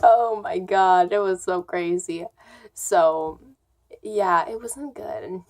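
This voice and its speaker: Young female vlogger, unhurried delivery, loose and rambling casual storytelling. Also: fairly low pitch, a little mellow. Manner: rambling, filler-heavy storytelling.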